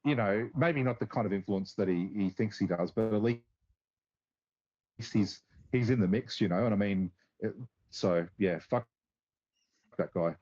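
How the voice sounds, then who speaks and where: A man's voice: lowish voice, unhurried, long pauses, darkish tone. A man hosting a stream, rambling through casual reaction commentary with frequent laughs and swearing. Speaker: stream host. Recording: slightly dull lo-fi audio.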